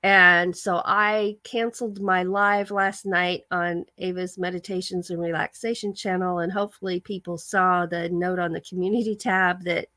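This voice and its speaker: A woman's voice: lowish voice, little pitch movement, normal speed, few pauses, pushed and bright, no room sound. A woman hosting a casual livestream, telling a chatty story and reading viewer comments aloud. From American. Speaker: livestream host. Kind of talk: casual live-stream chat.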